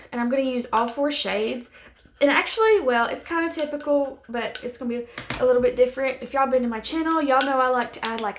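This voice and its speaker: A woman's voice: a little high, noisy background. A woman vlogging a casual makeup try-on, chatting candidly to the camera and thinking aloud as she applies it, sometimes dropping to near-whispers. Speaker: beauty vlogger.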